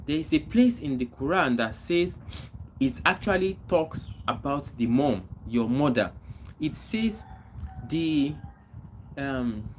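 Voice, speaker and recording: Male streamer, casual chat with viewers, mid-range voice, faint background noise. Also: mid-range voice. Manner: reads out viewer comments and greets them by name; animated greetings, then slower reflective talk. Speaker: livestream host.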